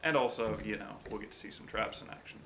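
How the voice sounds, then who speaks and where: Let's-play host, male, wry self-mocking commentary with sudden yelps, game sounds clear behind. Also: lowish voice, quick pace, noisy background. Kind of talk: gameplay commentary.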